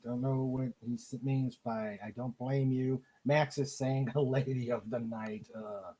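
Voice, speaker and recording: A woman's voice: a bass voice, steady tone, a little slow, warm tone, slightly rough, low-quality recording. A woman hosting a casual chat, reading viewer comments aloud and laughing along. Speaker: host.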